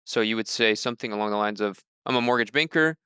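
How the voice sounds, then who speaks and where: A man talks through sales objections in a relaxed, conversational way. His voice is bright and smooth, and the recording is dry with no room sound. He lifts his pitch a little whenever he reads out a sample script. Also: fast talker, no room sound. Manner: loose and conversational with fillers. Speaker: mortgage sales trainer. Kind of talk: casual instructional talk.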